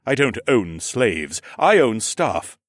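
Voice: a man playing a shrewd, generous horned lord in a storybook reading. He talks in a lowish, lively voice, measured and commanding. The sound is dry and close. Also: dry recording, full character voice. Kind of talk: audiobook character voice.

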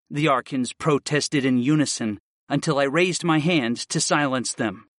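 A man narrating a fantasy audiobook in the first person, telling it in a steady, expressive way. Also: medium pitch, moderate pace, few pauses, no echo, clean studio sound.

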